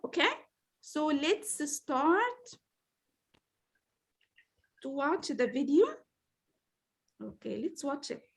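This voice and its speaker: Woman teacher trainer, high voice, patient, says uh a lot. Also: big pitch swings, extremely slow, long pauses. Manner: patient, repeats words, many fillers. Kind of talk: online teacher training session.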